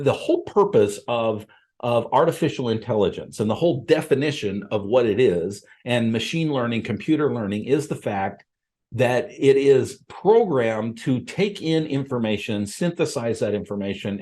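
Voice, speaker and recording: A middle-aged man hosts a podcast, speaking straight into the camera in a casual way. His voice sits at a middle pitch, and he sounds earnest and plain-spoken. He often restarts his sentences and uses fillers along the way. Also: darkish tone. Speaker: podcast host and appraiser coach. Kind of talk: casual direct-to-camera talk.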